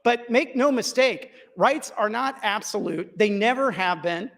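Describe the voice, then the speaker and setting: A man's voice: high-pitched, animated, a little slow, gravelly, fairly bright tone. A man losing his voice, giving a firm, lawyerly floor speech in a legislative chamber and repeating his key points. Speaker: state senator in floor debate.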